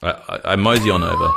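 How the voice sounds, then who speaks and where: A man's voice: fairly low pitch, gravelly, very noisy. A young man co-hosting a comedy podcast, telling rambling anecdotes and laughing often. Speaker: podcast co-host. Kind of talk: casual comedy chat.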